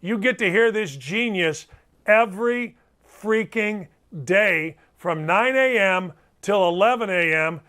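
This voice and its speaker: A man's voice: high-pitched, expressive, slow, sharp tone. A middle-aged man hosting a sports talk show, talking in a blunt, emphatic way and repeating himself for effect.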